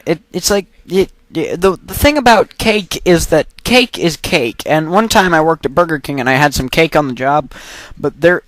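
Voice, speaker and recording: A man rambles through an improvised, absurd comic monologue, his voice sitting a little higher than most men's. He speaks into a computer microphone in a dry, close sound with no room echo, stopping, restarting and coughing as he goes. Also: animated, normal speed, fairly bright tone. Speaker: amateur narrator.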